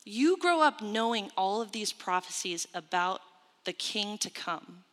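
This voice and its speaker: A woman's voice: medium pitch, animated, unhurried, a bit bright. A woman preaching a sermon, retelling scripture with emphatic storytelling and quoted asides. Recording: long hall reverb.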